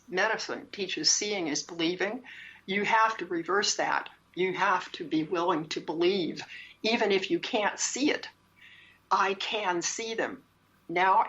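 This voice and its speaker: A woman speaks as an interview guest, earnest and emphatic, circling back to repeat her points. Her voice sits a little low. The recording is dull and lo-fi. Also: a bit bright. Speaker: guest, shaman and spiritual teacher. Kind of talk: personal story in an interview. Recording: dull lo-fi sound.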